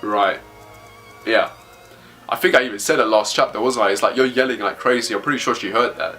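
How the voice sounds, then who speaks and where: A man reading a manga chapter aloud as he reacts, blunt and excitable, swearing freely. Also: lowish voice, fairly quick, faint music behind.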